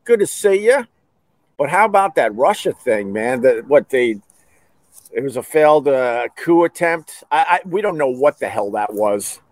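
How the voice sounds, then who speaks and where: A man's voice: mid-range voice, lively intonation, normal speed, no echo. A man from the United States hosting a podcast, talking casually in a rambling, sarcastic, wisecracking way. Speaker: podcast host. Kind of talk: casual chat.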